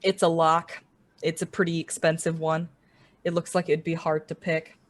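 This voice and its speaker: A game master slowly describing a tabletop scene, with many pauses and fillers. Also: mid-range voice, level tone. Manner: slow, hesitant, many ums.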